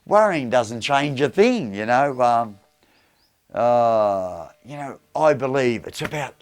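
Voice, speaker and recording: A man's voice: medium pitch, lively intonation, a little slow. A middle-aged Australian man giving a casual motivational talk, enthusiastic and repetitive, rambling as he tells stories. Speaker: motivational speaker.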